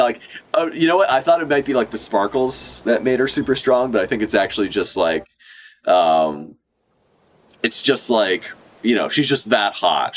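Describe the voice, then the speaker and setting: A young man giving excited, joking live reaction commentary, swearing freely and laughing a lot. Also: lowish voice. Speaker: manga reaction streamer.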